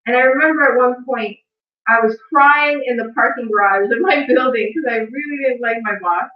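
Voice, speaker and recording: A tearful woman talks earnestly to viewers on a live stream, laughing often and sharing her advice. Her voice sits fairly high. She is recorded from a distance in a roomy space, and the sound is dull. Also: normal speed. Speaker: host of a live stream on wealth. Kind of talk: emotional motivational talk to live viewers.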